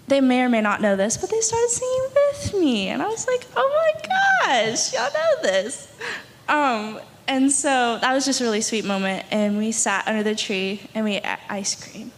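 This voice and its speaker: A woman's voice: fairly high pitch, fairly quick, a little hiss or hum. A young woman sharing a testimony in church, talking in a bubbly, rambling way with lots of "like". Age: young adult. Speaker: mission trip team member. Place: church sanctuary.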